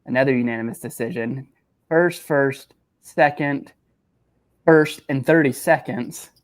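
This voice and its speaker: Animated man telling sports stories. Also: medium pitch, no room sound. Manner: animated storyteller, quick laughs, acts out quotes. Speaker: podcast co-host. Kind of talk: casual chat.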